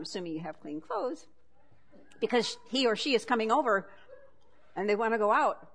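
A woman's voice: mid-range voice, lively intonation, moderate pace, fairly bright tone. A woman giving a conversational talk, reading passages from a book and adding wry asides with frequent chuckles.

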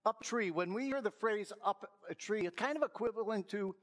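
A pastor giving a sermon, opening with a joke and telling it in an easygoing storyteller's way before turning to a Bible story. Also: male voice, high voice, moderate pace. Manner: storytelling, gently self-mocking.

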